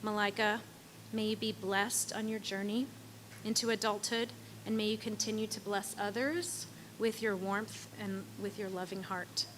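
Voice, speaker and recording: A mother reads her prepared blessing aloud with tender, heartfelt warmth. Her voice sits at an ordinary middle pitch. A faint background hum runs under the speech. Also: little pitch movement, moderate pace. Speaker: parent giving a blessing. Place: ceremony venue.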